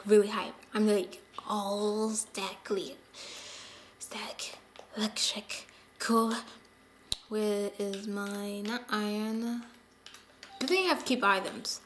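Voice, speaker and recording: A woman giving casual gameplay commentary as host of her own channel. She is excitable and chatty and drops to mutters while she plays. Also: on the high side, a little hiss or hum.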